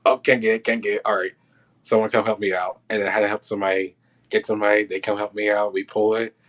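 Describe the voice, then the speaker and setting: Man, low voice, loose animated storyteller; muffled lo-fi recording. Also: fast. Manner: loose and animated, acting out quotes and reactions. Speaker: podcast guest, film crew electrician. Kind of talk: casual storytelling. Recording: dull lo-fi sound.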